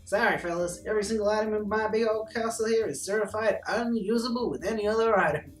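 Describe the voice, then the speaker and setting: Speaking quickly in his natural, high-sitting voice, a man portrays a swaggering American governor in cowboy style, folksy, brash, boastful and full of himself. Music plays behind a roomy, distant recording.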